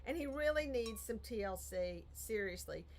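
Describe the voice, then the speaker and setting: A woman's voice: on the high side, lively intonation, normal speed. A woman hosting a casual craft live stream from her home art studio, chatting in a rambling way, interrupting herself and sighing over her troubles. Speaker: craft channel host.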